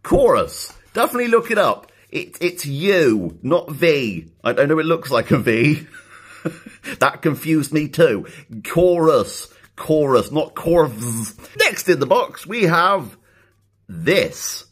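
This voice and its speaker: A man unboxing a package in a casual vlog, joking and laughing, excited and upbeat. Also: on the high side, slow, slightly rough. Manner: excitable, jokey, laughs often. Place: indoors, later outside in his back garden.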